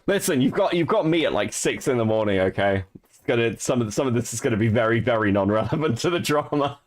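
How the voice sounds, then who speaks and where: A man's voice: medium pitch, animated, fast talker. A man in his thirties co-hosting a stream, chatting casually and bluntly about online drama, swearing freely and laughing often. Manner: reads messages aloud in a mocking tone. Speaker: streamer and co-host.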